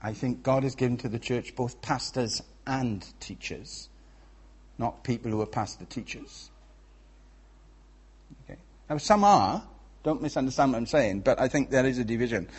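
A man's voice: mid-range voice, animated, moderate pace, pauses often, a little mellow, husky. A man with a Welsh accent preaching a sermon in a conversational way, often checking in with the congregation. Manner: conversational, checks in with "yeah?" and "right?".

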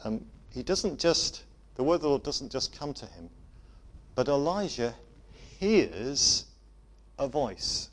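A man preaching a sermon to a congregation, gentle in manner, often dropping to a soft voice for emphasis. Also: mid-range voice, sing-song, slow pace. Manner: gentle, varies loudness for emphasis, drops to soft tones.

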